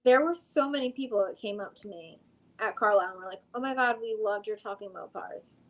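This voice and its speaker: A woman's voice: medium pitch, fairly quick, fairly bright tone, poor audio. Upbeat woman podcast guest. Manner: friendly, laughing, upbeat. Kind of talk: casual live-stream chat.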